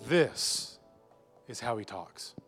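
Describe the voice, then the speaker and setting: Male pastor, mid-pitched, playful live sermon, rhetorical questions, faint music underneath. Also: animated, takes it slowly. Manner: joking, asks rhetorical questions to the congregation. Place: church sanctuary before a congregation.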